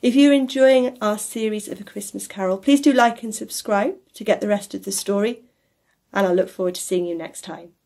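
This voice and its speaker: Female narrator, mid pitch, measured classic-storybook reading. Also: vocal fry, darkish tone. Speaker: audiobook reader and channel host.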